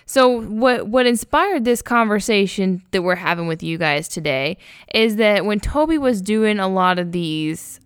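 A woman co-hosting a podcast in casual chat, talkative and quick to laugh, with frequent asides. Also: mid-range voice, expressive, smooth, no room sound, studio quality. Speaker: podcast co-host. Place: Houston-based podcast.

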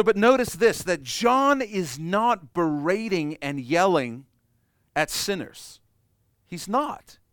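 A man preaching a sermon, swinging from loud emphatic peaks to soft low asides. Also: no room sound, clean studio sound. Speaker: pastor.

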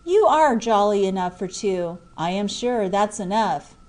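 A woman reading an audiobook, voicing a serious, brooding young male miner who speaks low and firmly. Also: lively intonation, unhurried, a little mellow, lightly acted. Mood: grave. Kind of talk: audiobook character voice.

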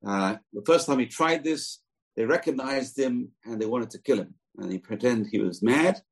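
A man's voice: medium pitch, normal speed, breathy edge, rough recording. A man teaching a scripture lesson in a chatty, digressive way, with side comments. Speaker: Torah teacher.

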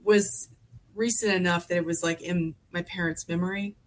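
A woman's voice: fairly low pitch, fairly even intonation, moderate pace. A woman in her forties, a podcast guest from Alaska, chatting in a rambling way full of fillers and restarts. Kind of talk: casual conversation.

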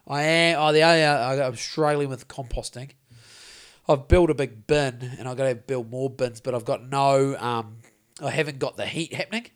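A man from New Zealand, medium-pitched and speaking a little fast, co-hosts a podcast. He chats casually, spinning animated, meandering stories laced with profanity.

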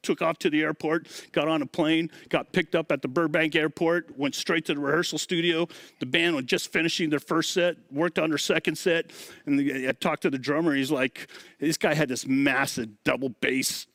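A middle-aged man in a relaxed interview, his voice sitting a little high for a man. He spins his stories with animation, slipping into the voices of the people he quotes. The recording is close and dry. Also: moderate pace, dry recording. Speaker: guest, former drum tech. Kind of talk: casual storytelling interview.

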